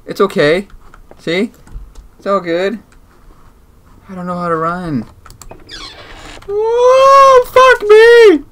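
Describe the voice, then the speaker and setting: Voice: mid-range voice, steady tone, takes it slowly, pauses often, slight background noise. A gamer giving let's-play commentary, jumpy, talking to themself and swearing often. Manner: jumpy, swears and talks to self. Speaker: gamer playing a horror game.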